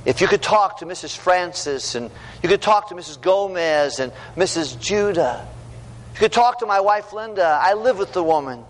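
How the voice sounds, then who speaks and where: A middle-aged man preaching a sermon to young people, earnest and storytelling, swinging from loud to hushed. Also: high voice, expressive, normal speed. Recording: long hall reverb, faint background noise.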